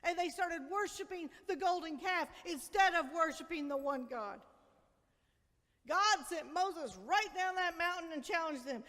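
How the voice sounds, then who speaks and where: High-voiced woman preaching in a reverberant church. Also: lively intonation, a little slow. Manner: emphatic, conversational preaching with quiet, intimate drops. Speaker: senior minister. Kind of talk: sermon. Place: church sanctuary. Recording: long reverb of a large church.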